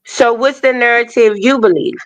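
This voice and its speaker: A woman on a live-stream panel who speaks in a measured, hedging way and apologizes often. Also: fairly high pitch, expressive, no echo. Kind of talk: casual live-stream discussion.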